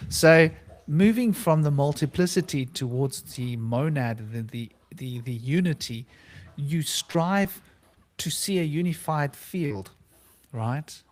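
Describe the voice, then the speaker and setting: A man hosting an online round table, musing on philosophy in a rambling, repetitive way over a video call. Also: on the high side. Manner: rambling, musing, repeats phrases. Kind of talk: casual philosophical monologue.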